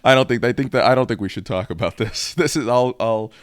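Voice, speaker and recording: A man's voice: medium pitch, fast talker, no room sound, studio quality. A young man co-hosting a podcast, joking around and laughing often. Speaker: podcast co-host. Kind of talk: casual chat.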